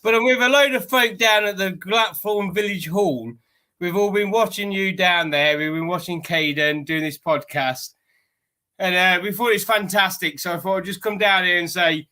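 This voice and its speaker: Breathless, tipsy English dad. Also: male voice, sits high, moderate pace, pushed and bright. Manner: cheerful, tipsy, apologetic. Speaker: guest's father dropping in.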